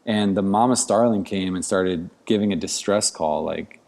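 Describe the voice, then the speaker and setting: A man's voice: deep voice, normal speed, vocal fry, darkish tone. A man, a podcast guest, telling a story in casual conversation, rambling with many "like" fillers. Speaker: podcast guest, outdoor educator.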